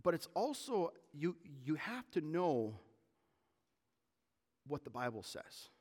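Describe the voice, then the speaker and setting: Male pastor, sermon. Slightly high, very animated, gets fired up. Long reverb of a big room. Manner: animated, gets worked up, fast bursts of indignation.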